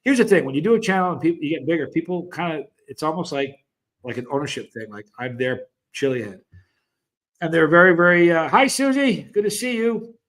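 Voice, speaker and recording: A man's voice: a little high, lively intonation, fast, a bit bright, low-quality recording. A man in his fifties from the United States, hosting a casual livestream and rambling through stories while greeting viewers by name. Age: 50s. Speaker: host of a chili channel.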